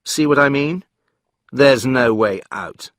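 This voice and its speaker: A man voicing a calm, firm secret agent in a storybook reading, coolly formal. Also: medium pitch, slow, no room sound. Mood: confident. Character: cool, composed male secret agent.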